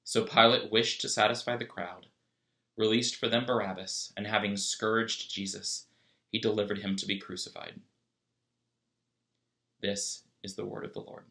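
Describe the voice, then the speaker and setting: A man reading scripture aloud in a church, steady and measured. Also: fairly low pitch, gravelly. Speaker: scripture reader.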